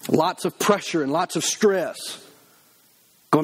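A middle-aged man preaching with emphatic energy, his voice sitting a little high for a man. He slips into lively quoted voices as he tells stories to the congregation. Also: takes it slowly, breathy edge. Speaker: pastor. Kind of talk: sermon.

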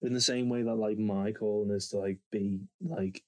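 Low-voiced sweary rambling guest. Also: male voice, fairly even intonation, normal speed, darkish tone. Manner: rambling, sweary, laughing, restarts often. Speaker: podcast guest. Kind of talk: casual banter. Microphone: headphone microphone.

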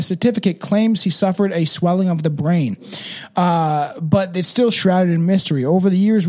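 A man's voice: sits high, darkish tone. A man in his thirties from Canada, hosting a podcast as casual chat, rambling through stories with lots of fillers and laughs. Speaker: podcast host.

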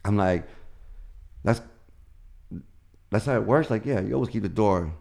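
A man's voice: fairly low pitch, normal speed, creaky, long pauses, a little mellow. A middle-aged man, a stand-up comedian, telling stories in casual chat, acting out the voices of the people he quotes and swearing freely.

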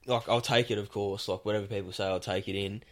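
A man's voice: fairly low pitch, fairly even intonation, fast. A young man with an Australian accent, hosting a casual podcast chat from a shed, rambling and swearing freely. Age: young adult. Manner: rambling, swearing, laughs easily. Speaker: podcast host.

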